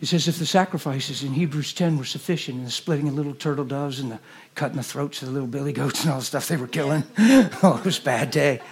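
A man preaching a sermon in a church, animated and jokey, swinging from loud bursts to hushed lines. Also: medium pitch, quick pace, breathy edge. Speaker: guest preacher.

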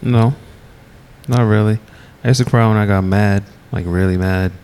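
A man's voice: lowish voice, steady tone, moderate pace, darkish tone, clear, resonant tone. A man on a casual podcast who gives dry, brief answers.

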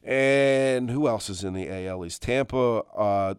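A middle-aged man hosts his own podcast in an exasperated, emphatic rant, often repeating himself and swearing offhandedly. His voice sits at an ordinary pitch. The recording is dry, with no room echo. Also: a little slow, smooth. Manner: swears casually. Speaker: podcast host. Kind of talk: solo sports rant.

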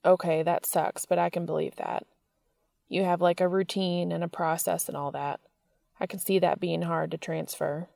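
Lady doing a joking self-deprecating guy, gravelly low voice, no room sound. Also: little pitch movement, normal speed, darkish tone, no room sound, clean studio sound. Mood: rueful. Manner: bantering, sarcastic. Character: adult man, joking, warm, self-deprecating.

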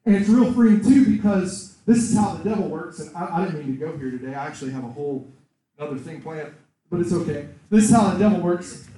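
A man preaching a sermon in a conversational, animated way, acting out quoted voices. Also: a little high, fairly quick. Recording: echoey room, far from the mic.

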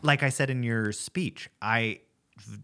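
A man's voice: mid-range voice, measured pace, sharp tone. A young man co-hosting a casual talk show, thinking aloud in a rambling way. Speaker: podcast co-host. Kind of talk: casual chat.

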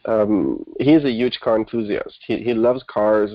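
A man in his thirties from Germany talks as an interview guest, chatty and quick to laugh at himself. The sound is dry and close, with a dull, lo-fi quality. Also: lowish voice, lively intonation, dry recording. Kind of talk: casual interview conversation.

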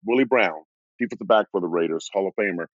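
Fifties male guest from Oregon, ex-football pro; husky, animated, dry dull recording. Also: deep voice, quick pace, no echo. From Oregon, USA. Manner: lively, laughs while telling stories. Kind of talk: animated storytelling.

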